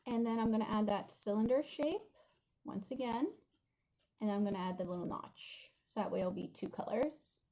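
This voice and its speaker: A woman's voice: medium pitch, moderate pace, warm tone, low-quality recording. A young woman talking viewers through a drawing tutorial from her home studio, chatty and giggly, calling them guys as she goes. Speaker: art instructor.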